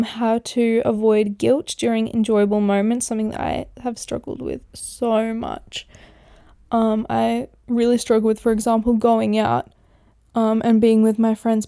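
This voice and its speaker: A young adult woman hosting her own podcast, talking in a chatty, excitable way and laughing often. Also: a little high, creaky, no echo, studio quality. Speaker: podcast host. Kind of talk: casual solo podcast talk.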